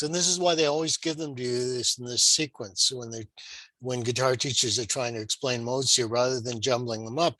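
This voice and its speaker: A man's voice: mid-range voice, pushed and bright, dry recording, low-quality recording. A man teaching guitar modes in a screen-shared lesson, patient and explanatory, asking the viewer rhetorical questions.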